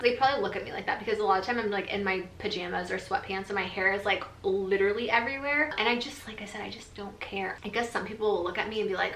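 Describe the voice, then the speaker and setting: A woman's voice: mid-range voice, quick pace, a bit bright. A woman vlogger telling a story in a frank, chatty way, full of filler words. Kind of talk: storytime chat. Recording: roomy echo.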